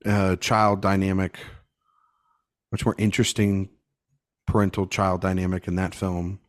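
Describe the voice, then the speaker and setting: A man co-hosting a casual film podcast, talking in an animated, halting way with frequent restarts. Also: low-pitched. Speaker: podcast co-host.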